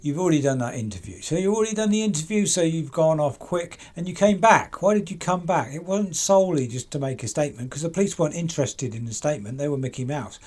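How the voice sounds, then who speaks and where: A man's voice: a little high, expressive, fast talker, hardly any pauses, a little mellow. A man hosting a true crime channel, chatting casually and asking pointed rhetorical questions to people he talks about.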